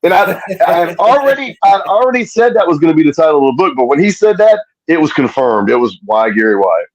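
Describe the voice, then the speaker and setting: A man's voice: fairly high pitch, sing-song, fast, no room sound. A man, a podcast guest telling stories in casual chat over a call. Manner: laid-back storyteller. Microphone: earpiece on video call. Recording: dull lo-fi sound.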